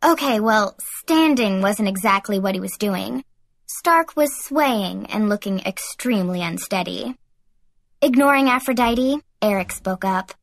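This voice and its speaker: A woman narrating a young adult audiobook in the first person, in a lively teen-girl voice. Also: mid-range voice, a little slow, dry recording.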